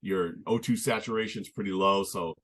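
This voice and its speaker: A young man chatting as a podcast guest, telling his story in an earnest, halting way with many restarts. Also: low voice, fairly bright tone. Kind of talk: casual conversational storytelling.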